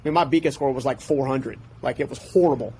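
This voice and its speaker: A man telling a personal story as a podcast guest, in an animated, passionate way. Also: medium pitch, quick pace, slight background noise.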